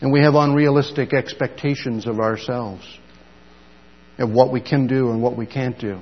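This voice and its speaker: A man's voice: mid-range voice, moderate pace. A middle-aged man preaching a sermon, telling stories animatedly and acting out the dialogue. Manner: animated storytelling, acts out dialogue. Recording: dull sound in a long-reverb hall.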